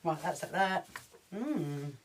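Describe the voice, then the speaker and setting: A woman's voice: fairly low pitch, animated, takes it slowly, slight background noise. A woman hosting a casual sewing livestream from her home sewing room. She chats in an upbeat way, greets viewers by name and laughs often. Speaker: livestream host. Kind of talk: casual live-stream chat while sewing.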